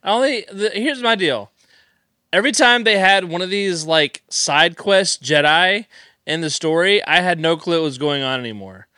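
Male panelist, smooth bright tone, wry and rambling, dry recording. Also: high-pitched, moderate pace, no room sound. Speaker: podcast panelist. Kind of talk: casual roundtable chat.

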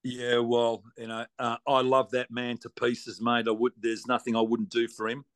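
A man's voice: mid-range voice, completely flat delivery, normal speed, a bit bright, clear, resonant tone, dry recording. An Australian man telling rambling, chatty stories as a guest on an interview, with mild swearing and lots of restarts. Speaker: race car driver guest. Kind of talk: casual storytelling interview.

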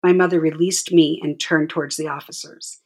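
A woman narrating her own memoir in a quiet, measured way. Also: low-pitched, steady tone, husky. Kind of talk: reading a memoir aloud.

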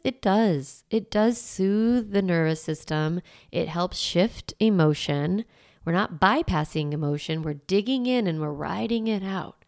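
A woman's voice: mid-range voice, vocal fry. A woman in her forties hosting a solo parenting podcast, coaching and encouraging in a casual, chatty way with lots of fillers. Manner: casual and chatty, filler-heavy, laughs easily.

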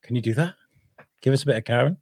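A man's voice: mid-range voice, quick pace, darkish tone, slightly rough, no room sound, clean studio sound. A man hosting a casual podcast interview, hesitant and prone to repeating words as he gets going. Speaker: host.

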